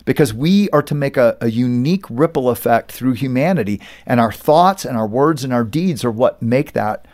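With a medium pitch and hardly a pause, this middle-aged man speaks at normal speed as an interview guest. A pastor and author, he tells stories animatedly and performs the quoted lines.

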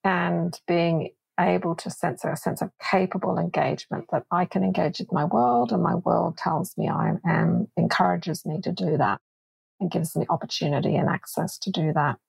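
A woman being interviewed as a doctor and researcher, explaining her ideas in a thoughtful, measured way. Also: on the low side, creaky, breathy edge, dry recording, rough recording. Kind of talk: reflective interview answers.

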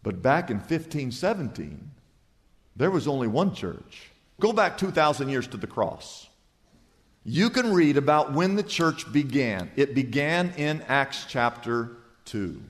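A man preaching a sermon to a congregation as pastor, telling a joke with lively acted-out voices. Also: mid-range voice, measured pace. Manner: animated storytelling, acts out characters in a joke. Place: church hall before a congregation. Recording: long reverb of a church hall.

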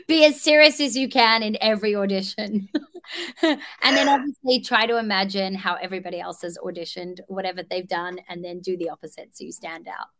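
An Australian actress talks casually as a guest. She rambles, restarts her sentences and laughs at her own advice. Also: mid-range voice. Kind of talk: casual interview chat.

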